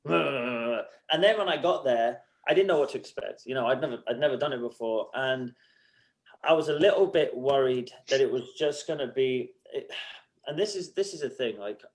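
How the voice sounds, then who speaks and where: An animated man telling a story as a podcast guest. He acts out conversations in other voices and swears freely. His pitch leaps around a lot. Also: moderate pace. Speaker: podcast guest, band musician. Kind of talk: casual storytelling.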